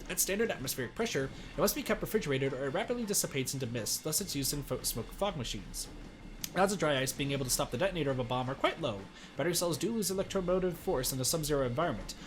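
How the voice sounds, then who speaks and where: Lively, fast-talking man reading a game aloud. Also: mid-range voice. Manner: excitable, shouts in surprise. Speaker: streamer reading a visual novel aloud. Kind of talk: animated game text reading with live reactions.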